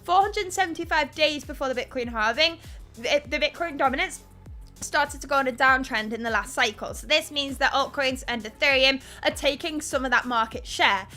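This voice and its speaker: A woman's voice: sits high, moderate pace, sharp tone, soft background music. A young woman hosting a live crypto news stream, explaining markets and reading chat in a candid, conversational way. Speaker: crypto news show host.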